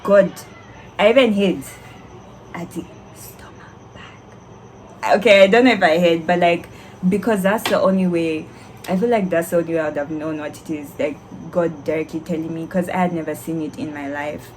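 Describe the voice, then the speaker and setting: A young woman recounts her story in a casual vlog, animated and candid, laughing often. Her voice sits on the lower side for a woman. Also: brisk, a little hiss or hum, rough recording. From Zambia. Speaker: vlogger, young doctor.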